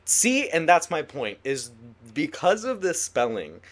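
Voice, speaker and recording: A young adult man co-hosting a podcast in casual chat, animated and giggly, full of jokey rants. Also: a little high, a little slow. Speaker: podcast co-host.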